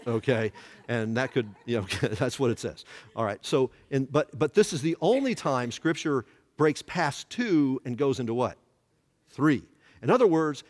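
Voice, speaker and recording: A man's voice: medium pitch, animated, unhurried, in a large hall. A man teaching a church Bible study who keeps asking his class to fill in the answers. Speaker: pastor.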